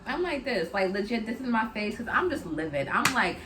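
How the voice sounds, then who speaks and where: A woman's voice: fairly high pitch, big pitch swings, a little fast, background noise. A young adult woman telling a personal story in a casual, chatty way, with lots of "like" and "y'all" as she talks to her viewers.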